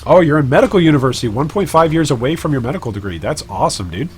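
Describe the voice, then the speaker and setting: A man with a slightly higher voice hosts a casual live stream while he trades. He chats with viewers in a joking, self-deprecating way, and soft music plays underneath. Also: lively intonation, rapid-fire. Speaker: gaming streamer and guild leader.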